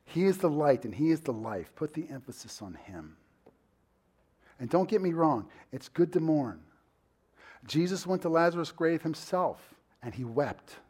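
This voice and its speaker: A man's voice: on the high side, sing-song, normal speed, husky. Conversational male pastor preaching. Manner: conversational preaching with many fillers; rises to loud emphatic bursts. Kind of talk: sermon.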